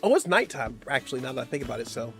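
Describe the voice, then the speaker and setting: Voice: mid-range voice, very animated, very fast, creaky, faint music behind. A streamer giving casual live-stream gameplay commentary, playful and slangy, often laughing and teasing the chat. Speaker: game streamer.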